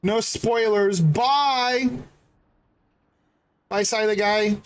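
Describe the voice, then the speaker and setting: Male streamer, jokey live commentary, reads game dialogue out loud. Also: high-pitched, drawn-out words, clean tone. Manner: joking, laughs often, reads game text aloud.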